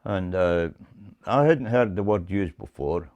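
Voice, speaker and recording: A man teaching bagpipe music, explaining in a measured way and often repeating words as he goes. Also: sits low, expressive, a little mellow. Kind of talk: explaining to camera.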